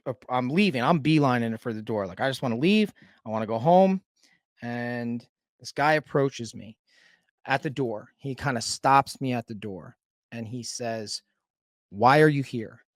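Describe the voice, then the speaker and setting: A man's voice: medium pitch, normal speed, no echo, clean studio sound. A man in a conversation telling his own recovery story in a rambling, candid and casual way, with the odd swear word. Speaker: sobriety coach and guest storyteller.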